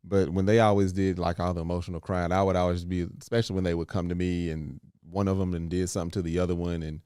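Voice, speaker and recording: Deep-voiced man chatting loosely. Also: little pitch movement, quick pace, warm tone, smooth, dry recording, studio quality. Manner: easygoing, rambling with restarts. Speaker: podcast co-host. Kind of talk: casual chat.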